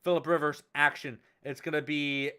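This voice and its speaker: High bright voice, guy doing live football play-by-play on stream, gets super hyped on big plays. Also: normal speed, smooth. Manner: excitable, shouts on big plays, chatty asides to chat. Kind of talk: excited live play-by-play commentary. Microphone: headphones with mic at a desk.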